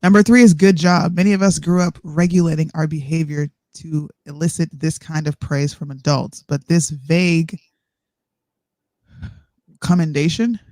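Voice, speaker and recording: A woman's voice: deep voice, fairly even intonation, normal speed, a little mellow, no room sound. A woman co-hosting a casual live-stream chat, bluntly and sarcastically reacting to parenting advice she reads aloud. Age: adult parent. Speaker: co-host. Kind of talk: casual chat, reading from an article.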